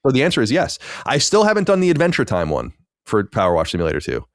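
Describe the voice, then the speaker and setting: A man's voice: mid-range voice, wildly swooping pitch, fast talker, dry recording, studio quality. A man co-hosting a video game podcast, talking in emphatic repeated lists. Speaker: podcast co-host. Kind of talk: casual chat.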